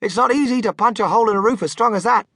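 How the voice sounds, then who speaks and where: A man voicing an eccentric grown male candy maker who is brisk, unflappable and emphatic, read for a storybook. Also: sits high, fairly bright tone, no room sound, studio quality, pitched above the performer's own voice. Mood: insistent. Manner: emphatic, commanding, matter-of-fact.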